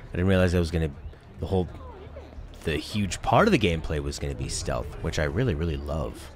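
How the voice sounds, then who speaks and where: Brief: deep-voiced young gaming host, lively, chatty and jokey while playing. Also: male voice, a little fast. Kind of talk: casual let's-play commentary.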